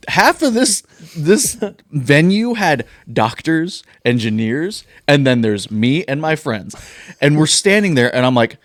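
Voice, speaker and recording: A young man co-hosting a podcast, telling stories in a casual, animated way and laughing often. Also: mid-range voice, no echo, clean studio sound. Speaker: podcast co-host. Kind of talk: casual chat.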